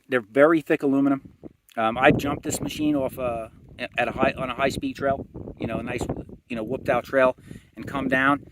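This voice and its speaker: A little hiss or hum runs under this recording of a channel host's walkaround vlog. Married and with a son, the adult man has a mid-range, fairly bright voice and talks casually, rambling a bit with fillers and restarts.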